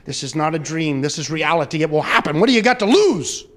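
A man's voice: fairly high pitch, sing-song, quick pace, fairly bright tone. A pushy little leprechaun, as a man puts him on. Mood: coaxing. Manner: persuasive, wheedling. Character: tiny pushy male leprechaun, smooth talker.

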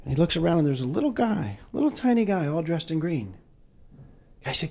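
A man telling bawdy, crude jokes as a comedian, with an animated storytelling delivery. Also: a little high, brisk, gravelly.

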